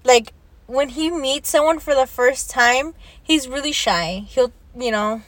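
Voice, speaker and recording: A woman's voice: high voice, a little slow, a bit bright, dry recording. A young woman in casual chat who swears freely, laughs often and drops Spanish words into her talk. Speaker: vlogger.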